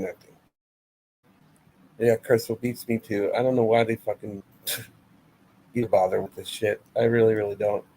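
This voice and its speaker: A man rants through a wrestling review in blunt, sarcastic, profane bursts. His voice sits at an ordinary middle pitch. A faint hum runs underneath. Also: dark tone, low-quality recording. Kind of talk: casual ranting review.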